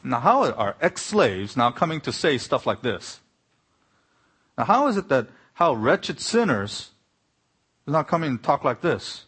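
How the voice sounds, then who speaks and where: Male pastor, husky tone, earnest sermon delivery with emphatic rises. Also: mid-range voice, very animated, moderate pace, a bit bright. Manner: earnest preaching, rising to exclamations.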